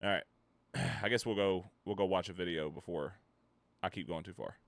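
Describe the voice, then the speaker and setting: A man's voice: deep voice, moderate pace, gravelly, no echo. A man streaming live, rambling and ranting profanely while reacting to chat. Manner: rambling, profane, reads chat and riffs loudly.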